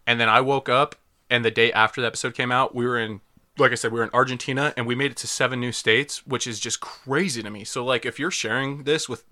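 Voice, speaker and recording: A man's voice: mid-range voice, fairly even intonation, quick pace, bright, forceful tone. A young man hosting a casual podcast, chatting loosely with friends, swearing and laughing often. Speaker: podcast host.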